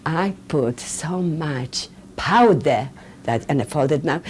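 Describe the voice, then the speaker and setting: Older woman with a low, mellow voice. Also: lively intonation, slight background noise. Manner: halting, with many fillers and restarts. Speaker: interviewee, Holocaust survivor. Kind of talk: recorded oral history interview.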